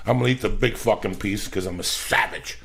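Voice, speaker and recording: A gravelly-voiced man hosts a podcast with rough, profane banter. He teases his co-host loudly and with plenty of swagger, all in casual chat. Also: lowish voice, fairly quick. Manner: boisterous, profane, teasing.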